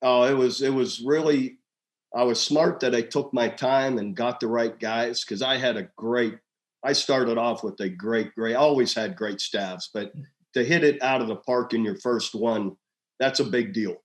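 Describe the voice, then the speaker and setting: Older male guest, 60s, easygoing storyteller, mid pitch, voices quoted people a notch higher. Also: measured pace. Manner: animated storyteller, acts out quoted dialogue in a raised voice. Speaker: former head coach, podcast guest. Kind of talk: casual storytelling interview.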